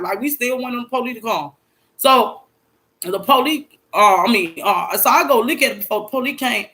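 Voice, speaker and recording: A young woman vlogger telling a personal story in a blunt, profane, repetitive way, breaking into loud exclaimed quotes. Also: fairly high pitch, expressive, normal speed. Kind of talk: emotional storytime monologue.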